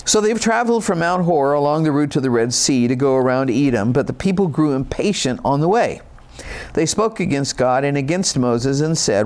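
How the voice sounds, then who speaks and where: Animated and brisk, this pastor speaks at medium pitch in a slightly mellow voice. He reads scripture and unpacks it in a folksy, conversational sermon sprinkled with casual asides.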